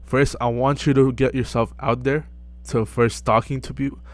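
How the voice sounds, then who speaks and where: A young man giving casual self-improvement advice to camera, relaxed and full of fillers, often checking in with "right?". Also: medium pitch, normal speed. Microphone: close mic.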